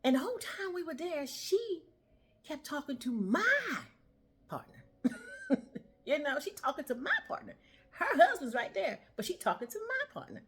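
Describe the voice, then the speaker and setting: A woman's voice: high voice, huge pitch swings, normal speed, a bit bright. A woman giving a casual motivational talk and telling a story, laughing often and acting out the voices of the people in it. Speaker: motivational vlogger.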